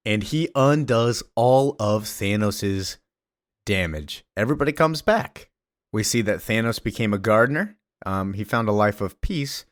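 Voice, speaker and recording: A man's voice: on the low side, no room sound, studio quality. A man casually recapping a comic story, rambling with many fillers.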